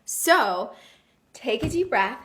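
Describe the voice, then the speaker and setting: Bright-voiced earnest woman host. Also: fairly high pitch, big pitch swings, slow. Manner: earnest, emphatic, reads viewer comments aloud. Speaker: live stream host. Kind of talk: motivational live video chat.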